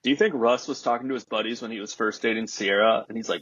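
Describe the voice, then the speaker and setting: A man's voice: medium pitch, fairly even intonation, fast, few pauses, fairly bright tone, breathy edge, no room sound, lo-fi sound. A young man guesting on a podcast, chatting wryly about sports betting and musing aloud with questions. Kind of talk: casual sports betting chat.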